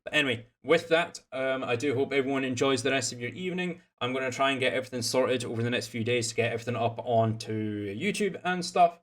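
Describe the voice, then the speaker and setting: A man's voice: medium pitch, quick pace, few pauses, fairly bright tone. A young Scottish man from Scotland, chatting casually as game master and stream host, rambling with lots of fillers and restarts. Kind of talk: casual chat after a tabletop game stream.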